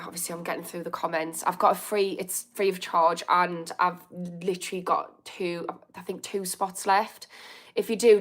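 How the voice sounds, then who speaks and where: A woman in her thirties with a Birmingham accent, chatting casually on a livestream as she reads out comments, laughing often and reacting with amused indignation. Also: lowish voice. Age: 30s. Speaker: recovery coach hosting a livestream.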